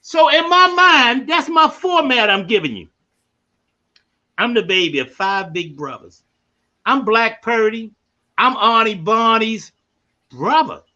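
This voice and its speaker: High, bright man telling stories. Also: takes it slowly, long pauses, muffled recording. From Baltimore. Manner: animated, rising to emphatic shouts. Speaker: podcast host. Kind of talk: live storytelling monologue.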